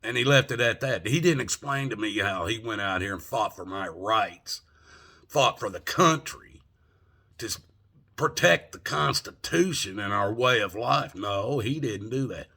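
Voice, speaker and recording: A man's voice: fairly low pitch, lively intonation, measured pace, gravelly, pushed and bright. An older man ranting angrily from home, profane and indignant, firing off rhetorical questions. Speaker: vlogger. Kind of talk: angry political rant.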